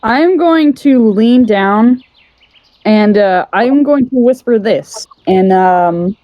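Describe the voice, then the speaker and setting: A woman's voice: fairly high pitch, expressive, takes it slowly, muffled recording. A woman playing in a tabletop game, chatting casually and laughing often. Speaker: player.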